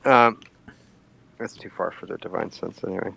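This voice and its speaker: A man's voice: low-pitched, normal speed, gravelly, sharp tone, husky. A man playing a tabletop game, thinking aloud in a wry, hesitant way. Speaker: player. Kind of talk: casual chat while playing.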